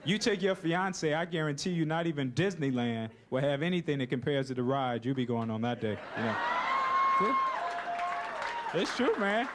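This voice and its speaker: A man's voice: mid-range voice, brisk, few pauses, a crowd in the background. A young man doing a laid-back stand-up comedy routine on stage. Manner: laid-back, keeps saying "you know, man". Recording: noisy live recording.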